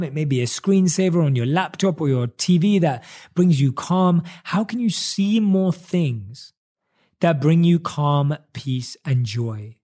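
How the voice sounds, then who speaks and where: A man giving an earnest motivational talk, stacking rhetorical questions and slowing down on key words. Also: on the high side, dark tone. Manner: earnest, repetitive rhetorical questions, speeds up and slows for emphasis. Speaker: motivational speaker.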